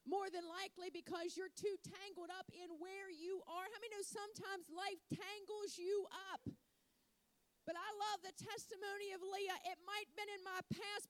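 High-voiced woman preaching a sermon. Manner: storytelling, rising to fervent exhortation.

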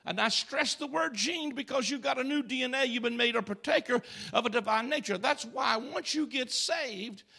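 A male pastor delivering an emphatic call-and-response sermon in a church, swinging from shouts to hushed tones. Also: very high voice, normal speed, gravelly, few pauses, husky. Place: church sanctuary.

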